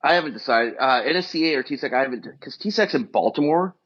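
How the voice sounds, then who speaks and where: A man's voice: mid-range voice, expressive, quick pace, a bit bright. A man talking as a podcast guest, telling loose, rambling stories with lots of fillers. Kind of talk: casual chat. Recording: dull lo-fi sound.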